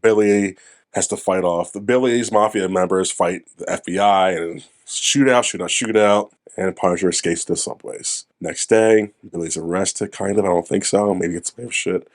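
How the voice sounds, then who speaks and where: A man's voice: sits low, normal speed. A man co-hosting a casual movie review podcast, swearing freely and breaking into goofy character impressions. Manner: swearing, animated, mimics characters in goofy voices. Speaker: podcast co-host.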